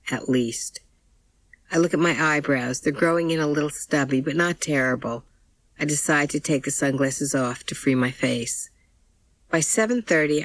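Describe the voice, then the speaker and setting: A woman's voice: low voice, no room sound, rough recording. A woman reading an audiobook in first person, with plain, intimate storytelling. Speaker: audiobook narrator.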